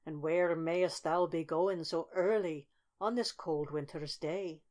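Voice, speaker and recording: A woman voicing a sly, wily old male fox who speaks smoothly and flatteringly. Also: low voice, takes it slowly.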